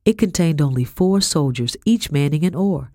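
A woman's voice: deep voice, dry recording. Woman narrating an audiobook, dry and close. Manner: measured, steady storytelling. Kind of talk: first-person audiobook narration.

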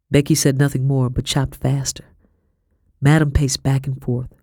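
Measured woman reading a historical novel. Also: very deep voice, flat delivery, dark tone, no echo, studio quality. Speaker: audiobook narrator. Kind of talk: scripted first-person narration.

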